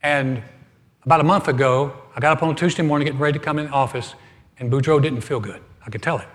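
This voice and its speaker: A middle-aged man preaching as pastor, telling a humorous story with animated swings from loud to soft. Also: a little high, fast talker. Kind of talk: humorous sermon. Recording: hall reverb.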